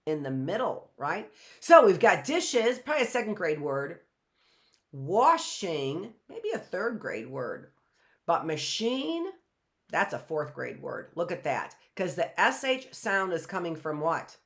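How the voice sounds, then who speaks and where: Slow-talking woman teaching phonics. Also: on the low side, sing-song. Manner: patient, questioning, sounds words out slowly. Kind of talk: live online phonics lesson.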